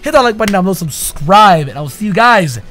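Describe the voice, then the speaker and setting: A young man giving a casual, slangy anime episode review, swinging between loud excited outbursts and low mumbles. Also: fast talker, faint music behind.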